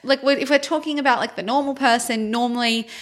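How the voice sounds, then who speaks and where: A woman's voice: high-pitched, steady tone, fast talker. A young adult woman co-hosting a podcast, talking casually and leaning on "like" as a filler. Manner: conversational, many "like" fillers. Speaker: podcast co-host. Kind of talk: casual chat.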